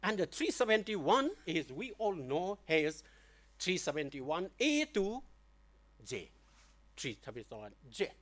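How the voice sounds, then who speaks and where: A middle-aged man giving an academic lecture, deliberate and halting, with many fillers and restarts. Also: sits high, very animated, a bit bright. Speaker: guest lecturer. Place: lecture hall.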